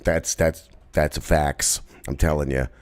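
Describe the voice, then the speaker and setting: A man's voice: rumbling low, fairly even intonation, unhurried. A man co-hosting a podcast, ranting and mocking with heavy profanity in casual chat. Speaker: podcast co-host.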